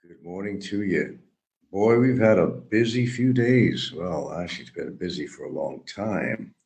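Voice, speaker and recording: A man's voice: deep voice, animated, measured pace, gravelly, darkish tone. A man streaming a rambling, sarcastic monologue, mocking and teasing his viewers.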